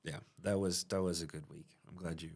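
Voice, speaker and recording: A man's voice: sits low, steady tone, a little fast, darkish tone. A man who owns a roofing business, talking casually and reflectively on a business podcast. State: has the hiccups. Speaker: business owner and podcast host.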